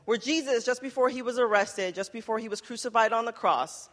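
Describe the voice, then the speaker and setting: A woman's voice: fairly high pitch, fairly quick, fairly bright tone. Woman preaching in an echoey hall. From Los Angeles, USA. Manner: emotional, conversational, tags with "right?". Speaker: speaker. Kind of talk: sermon. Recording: hall reverb.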